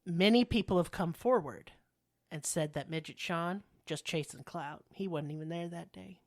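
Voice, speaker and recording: A woman in her thirties co-hosting a casual comedic podcast, teasing and laughing often as she talks. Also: on the low side. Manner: loud laughing, playful, quick to tease. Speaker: podcast co-host.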